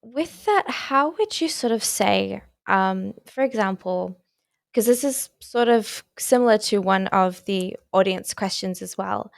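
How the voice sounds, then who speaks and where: Woman in her 20s, podcast host, tentative hedging questioner, mid pitch, dry sound. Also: animated, measured pace, creaky, no room sound. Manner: tentative questions with many qualifiers.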